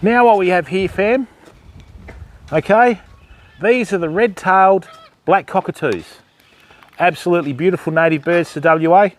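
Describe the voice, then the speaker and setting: A man's voice: moderate pace, long pauses. An Australian man giving a chatty, casual tour of a wildlife park, talking to the camera and the animals. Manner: chatty, cooing at animals in a high voice. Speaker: wildlife vlogger. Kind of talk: casual walking vlog.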